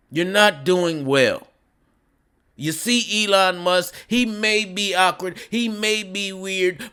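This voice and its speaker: A man's voice: high-pitched, sharp tone. A man delivering a ranting commentary, mocking and scolding with insults. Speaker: commentary vlogger.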